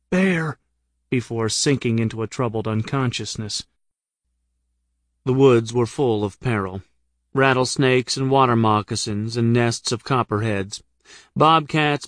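A man's voice: medium pitch, no room sound. A man narrating his own comic travel memoir in a dry, wry storytelling manner, read close to the microphone. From United States. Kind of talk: first-person audiobook narration.

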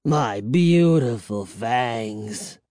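Count Nightwing, a reader doing a hushed old vampire. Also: no room sound, studio quality. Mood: moaning. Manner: low, slow and hushed; moaning, self-pitying. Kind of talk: audiobook reading.

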